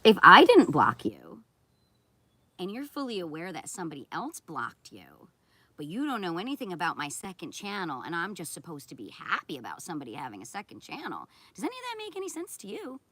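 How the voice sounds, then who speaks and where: Woman streamer, low-pitched and animated, scolding chat with sarcasm. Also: fast. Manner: sarcastic and confrontational; blunt, scolding. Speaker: content creator on a live stream. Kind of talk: live stream, answering viewer chat.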